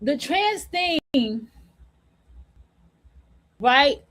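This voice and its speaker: A woman's voice: high voice, animated, drawn-out words, a bit bright. A woman hosting an online talk show in a blunt, profane, slangy casual monologue. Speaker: host.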